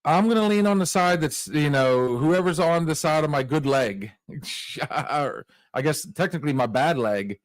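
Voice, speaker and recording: A man's voice: on the high side, animated, unhurried, no room sound. A man co-hosting a casual bar-show chat, answering with jokes at his own expense. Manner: joking, self-deprecating, laughs often.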